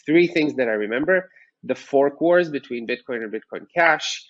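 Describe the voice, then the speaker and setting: A man's voice: mid-range voice, expressive, moderate pace, a bit bright, no room sound. Male podcast co-host, keen explainer, dry and muffled lo-fi sound. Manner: enthusiastic, explanatory, frequent fillers like "like". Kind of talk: casual chat about finance.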